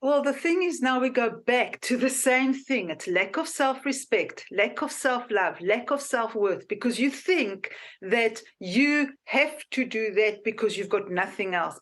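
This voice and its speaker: Woman hosting a podcast, firm and sure of herself, voice a bit on the high side. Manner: firm, self-assured, repeats her points. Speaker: podcast host. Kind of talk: conversational podcast talk.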